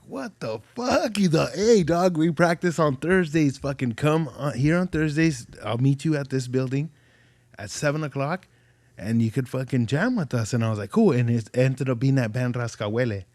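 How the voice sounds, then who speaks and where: A man's voice: medium pitch, moderate pace, darkish tone, no room sound. A man as a podcast guest telling stories in casual chat, swearing a lot, rambling, and acting out the voices of people he quotes.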